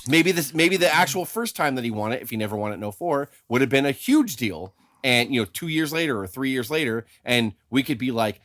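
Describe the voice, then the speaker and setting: A man's voice: medium pitch, lively intonation, a little fast, hardly any pauses, fairly bright tone, no room sound. A man hosting a podcast, talking in a rambling, opinionated way with plenty of swearing. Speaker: podcast host. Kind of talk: casual podcast chat.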